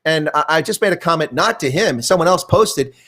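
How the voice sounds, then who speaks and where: An older man answering as an interview guest, his voice pitched slightly high for a man. He tells his stories in a loose, rambling way, restarting sentences as his thoughts catch up. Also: animated, a little fast, bright, forceful tone. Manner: rambling storyteller, frequent restarts. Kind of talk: conversational interview.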